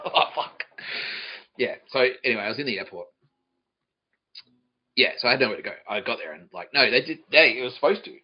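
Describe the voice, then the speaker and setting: A man's voice: mid-range voice, expressive, quick pace, pauses often, dull audio. A man hosting a podcast, telling a rambling, profane comic story and mimicking people's voices. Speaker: podcast host. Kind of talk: comedic storytelling monologue.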